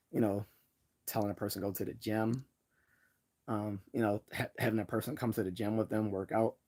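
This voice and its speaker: Hesitant American man, low voice. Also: darkish tone. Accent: General American. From Northeastern United States. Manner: hesitant, many restarts and fillers. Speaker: livestream host. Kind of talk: casual livestream chat.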